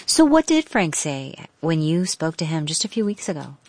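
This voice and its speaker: Low-voiced woman news anchor. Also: moderate pace, no echo. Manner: calm, reassuring interviewer. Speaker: news host.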